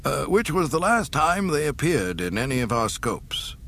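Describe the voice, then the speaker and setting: A man's voice: medium pitch, big pitch swings, normal speed, a bit bright, a little hiss or hum, pitched above the performer's own voice. A man voicing an anxious male starship captain giving a formal report, hesitant in tone. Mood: uneasy.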